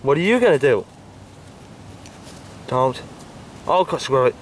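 A man acting out a homemade hand-puppet skit, squabbling and whining with bursts of shouting. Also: medium pitch, very animated, a little slow, a little hiss or hum.

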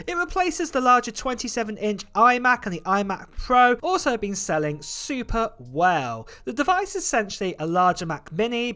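A woman hosting a tech channel, giving an upbeat scripted roundup of product rumors and release dates. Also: medium pitch. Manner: lively, upbeat presenting with frequent "of course" and "guys".

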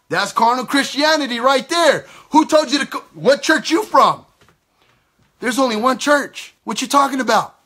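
Male preacher, very high bright voice, emphatic and repetitive sermon delivery. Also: lively intonation, normal speed. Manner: emphatic, repetitive, acts out quoted exchanges. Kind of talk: impassioned sermon.

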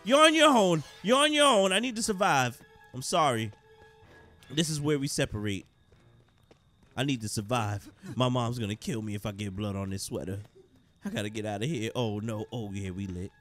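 A jittery, preppy rich kid, as a man puts him on, whines about surviving while bragging about his money. His voice sits at a middling pitch, nervous and self-important. It's horror game role-play played for laughs. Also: animated, normal speed, fairly bright tone, faint music behind, close to an everyday voice. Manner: whiny, nervous, boastful. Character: scared, preppy, money-bragging young man in a red sweater.

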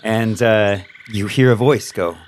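A man narrating a tabletop horror game as game master, relaxed and wry. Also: fairly low pitch, measured pace, a little hiss or hum.

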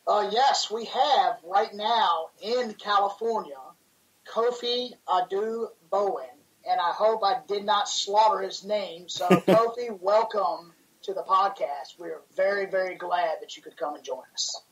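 Enthusiastic rambling host, a bit far off. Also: male voice, sits high, unhurried, a bit bright, dull audio. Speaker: podcast co-host, pastor. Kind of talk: casual interview chat.

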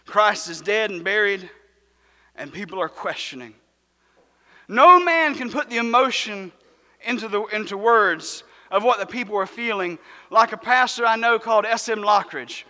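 A man preaching a sermon as pastor, in a rhythmic cadence that swells to shouts and sinks to a hush. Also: sits high. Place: church sanctuary. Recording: long church hall reverb.

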